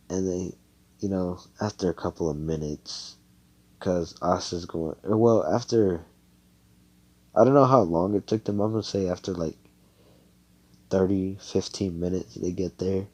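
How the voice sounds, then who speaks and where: A man's voice: low voice, steady tone, a little slow, pauses often, darkish tone. A man casually retelling a fan story, rambling and cussing with lots of filler words.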